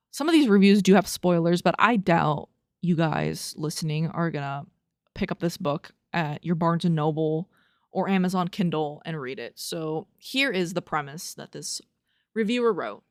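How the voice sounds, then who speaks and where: A woman's voice: deep voice, lively intonation, unhurried, dry recording, studio quality. A young woman hosting a casual solo podcast, reading review quotes aloud and reacting with profane, laughing disbelief. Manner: incredulous, profane, laughing at what she reads; reads review quotes aloud and riffs on them. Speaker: podcast host.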